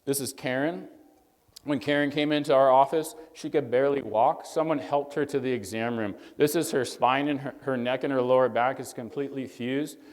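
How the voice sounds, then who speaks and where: A man's voice: mid-range voice, fairly even intonation, moderate pace, darkish tone, in a large hall. A man, a chiropractor, gives a motivational stage talk to young doctors, telling stories in an earnest, preacher-like way. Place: stage in a large hall.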